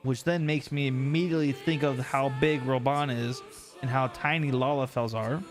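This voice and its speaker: A young man casually commenting on a story game for his livestream chat, animated and joking as he recaps what happened. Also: mid-range voice, moderate pace, music in the background.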